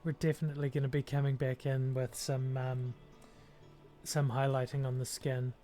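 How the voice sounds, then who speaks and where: This is a streamer with a New Zealand accent, thinking aloud while painting and scattering ums through every thought. The delivery is loose and unhurried, and faint music plays in the background. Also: medium pitch, little pitch movement, warm tone. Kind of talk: casual livestream chat while working.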